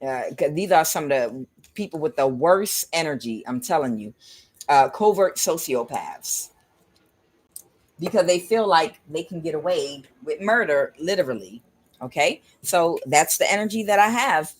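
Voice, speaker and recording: Low-voiced woman giving a lively tarot reading. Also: moderate pace. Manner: rambling and speculative, addressing viewers directly. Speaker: tarot reader. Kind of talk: casual spiritual tarot reading.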